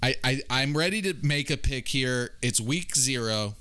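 Male podcast co-host, bright and smooth, casual analytical picks, stammers on restarts. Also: medium pitch, expressive, normal speed.

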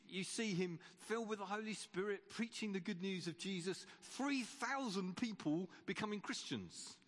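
In a church, a man with a high, fairly bright voice preaches a sermon, retelling a Bible story in a chatty, stop-start, conversational way full of restarts and repeated words. Long church reverb surrounds the recording.

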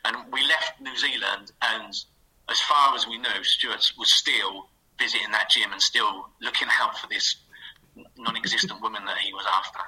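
A middle-aged man telling a lively anecdote as a guest on a radio show, putting on playful voices for the people he quotes. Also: fairly low pitch, breathy edge, low-quality recording. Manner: fast, animated storytelling with playful quoted voices. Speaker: guest, former footballer.

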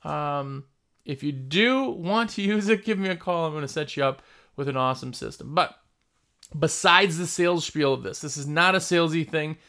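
A man's voice: a little high, normal speed, bright, forceful tone. A man hosting a casual video about his trade, talking bluntly and emphatically, often repeating himself. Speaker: window cleaning business owner and video host. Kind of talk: casual vlog talk.

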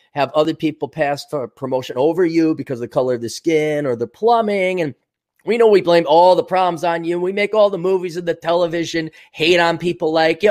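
A man hosting a podcast, giving a sarcastic, profane, combative rant on the news and mocking the people he talks about. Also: a little high. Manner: mocking, laughs at his own jokes. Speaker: podcast host. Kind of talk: ranting news commentary.

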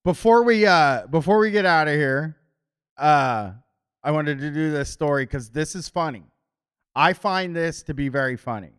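A man's voice: on the high side, expressive, normal speed, fairly bright tone, smooth. Hesitant man reading out a story. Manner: hesitant, many fillers and restarts. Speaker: podcast co-host. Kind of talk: casual chat and reading news stories.

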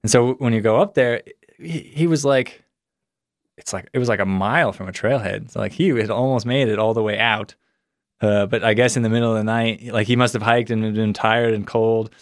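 Young guy, lowish voice, rambly storytelling, says like a lot, dry close mic. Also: moderate pace, no echo. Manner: rambling, many "like" fillers, acts out quotes. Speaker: son of a missing hunter, guest. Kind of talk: casual storytelling.

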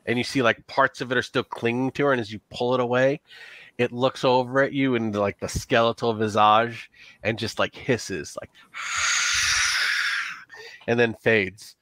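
A man running a tabletop horror game with a bright, forward voice. He narrates loosely and casually and laughs often. The sound is dry and close. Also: medium pitch, steady tone, moderate pace, dry recording. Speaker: game master.

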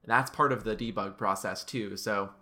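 A man's voice: lowish voice, pushed and bright. A man co-hosting a podcast, chatting casually and reading out bits of an article, restarting his thoughts as he goes. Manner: reads from an article, pauses and restarts while thinking. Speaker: podcast co-host. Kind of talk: casual chat.

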